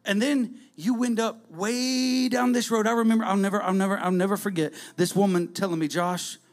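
A man preaching a sermon, swinging from loud calls to near-whispers. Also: high-pitched, steady tone, brisk.

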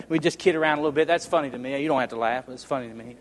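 A middle-aged male preacher giving a revival sermon, swinging from loud, emphatic proclamation to quiet intensity and joking with the congregation for amens. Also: a little high, steady tone, very fast. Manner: jokes with the congregation and calls for amens. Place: church sanctuary. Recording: long church hall reverb.

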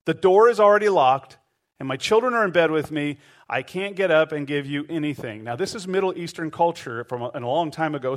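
A middle-aged man preaching a sermon, telling a story animatedly and acting out the voices of the people in it. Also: fairly high pitch. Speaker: pastor.

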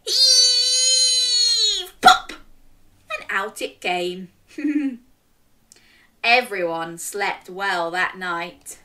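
A woman reading a picture book aloud to young children, animated and interactive, coaxing the listeners to join in. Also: on the low side, extremely slow, pauses often, distant mic. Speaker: children's storyteller.

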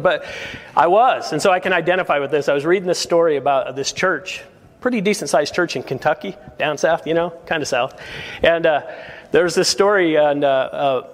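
A man preaching a sermon as pastor, earnest and exhorting, with quick chuckles between points. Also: a little high, big-room sound. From United States. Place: church sanctuary.

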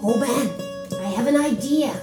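A woman storyteller voicing a poor old wife who gently encourages her husband. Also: high voice, normal speed, music in the background, natural voice. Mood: hopeful.

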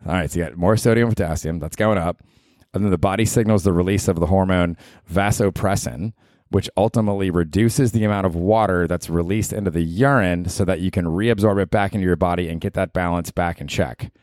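A man's voice: sits low, brisk, darkish tone, no room sound, clean studio sound. A man hosting a casual comedy podcast on his own, talking in a sarcastic, profane and rambling way. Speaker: podcast host.

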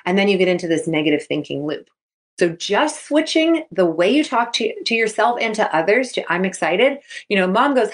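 A woman's voice: mid-range voice, lively intonation, a little fast. A woman in her thirties, a sports mindset coach hosting her podcast, talking casually and upbeat, acting out quotes as she goes. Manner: upbeat, chatty, acts out quotes. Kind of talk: casual solo podcast talk.

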